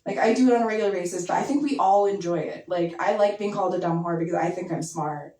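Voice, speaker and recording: A young woman doing a stand-up set in a basement club, talking casually and deadpan, full of likes and ums. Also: fairly low pitch, fast talker. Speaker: stand-up comedian. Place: basement comedy venue with audience. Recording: echoey basement, mic heard from a distance.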